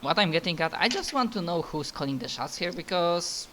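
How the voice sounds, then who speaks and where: A man speaking as a player in a tabletop role-play session, halting and restarting often. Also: fairly high pitch, expressive, sharp tone. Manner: halting, many restarts and sighs.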